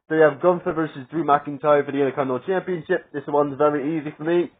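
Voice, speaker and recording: A man with a slightly high voice talks through his picks in a loose, rambling way. He leans on fillers and laughs at his own jokes. The sound is thin and boxed in, like a phone line. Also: steady tone, fast talker, breathy edge. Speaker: wrestling predictions vlogger. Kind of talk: casual solo predictions commentary.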